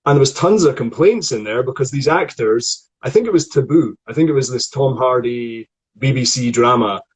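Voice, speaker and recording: Scottish male voice coach, husky, conversational teaching tone, lots of restarts. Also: mid-range voice, normal speed, poor audio. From Scotland. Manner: chatty, explanatory, frequent restarts. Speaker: acting voice coach. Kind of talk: online acting lesson conversation.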